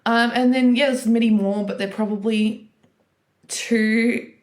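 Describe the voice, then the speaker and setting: A woman's voice: fairly high pitch, fairly even intonation, unhurried, a little mellow. Chatty young woman, roomy sound. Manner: chatty, candid, laughs through stories. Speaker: podcast guest. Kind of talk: casual chat. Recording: roomy echoey recording.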